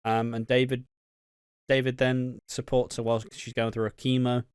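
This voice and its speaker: A man's voice: mid-range voice, little pitch movement, normal speed, clean tone, no echo, studio quality. A man co-hosting a podcast, casually recapping a soap episode, swearing, laughing and rambling. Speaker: podcast co-host. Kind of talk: casual crude podcast banter.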